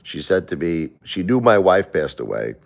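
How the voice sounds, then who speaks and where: A man's voice: low voice, very animated, moderate pace, gravelly. A middle-aged man hosting a livestream, talking emotionally and defensively to viewers, rambling with repeated words and restarts. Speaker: livestream host.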